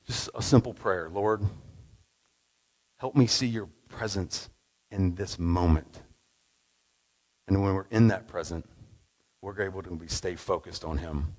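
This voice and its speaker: A man's voice: on the low side, darkish tone, low-quality recording. Man preaching a conversational sermon. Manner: conversational, tag questions, storytelling.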